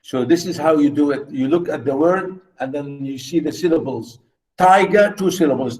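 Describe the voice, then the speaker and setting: A man's voice: on the high side, normal speed, darkish tone, poor audio. A man lecturing an online class on poetic meter, repeating words and counting their syllables and stresses. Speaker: literature lecturer.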